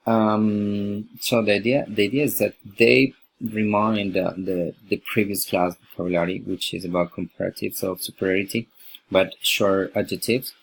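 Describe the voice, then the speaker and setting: A man's voice: lowish voice, steady tone, normal speed, gravelly, a little hiss or hum, poor audio. A man whose first language is Spanish explains his lesson plan for a teaching course, with many fillers and restarts. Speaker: English teaching student presenting a lesson plan. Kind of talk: unscripted video presentation.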